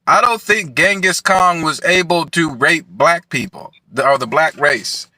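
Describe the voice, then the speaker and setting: Bright, dry-voiced man trading crude jabs. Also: a little high, unhurried, no echo. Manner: mocking, profane teasing. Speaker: livestream co-host. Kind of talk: casual crude banter.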